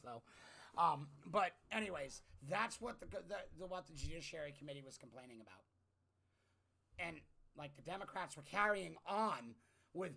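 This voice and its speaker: A young man ranting through an exasperated political commentary, jumping from loud outbursts to low muttering. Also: vocal fry. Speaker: commentary vlogger. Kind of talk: opinionated political rant.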